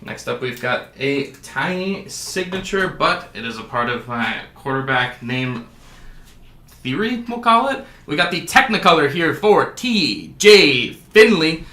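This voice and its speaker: A man's voice: on the high side, sing-song, unhurried, pushed and bright, roomy sound. A man hosting a sports card break, calling out each card and adding jokey asides. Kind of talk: casual card-opening commentary.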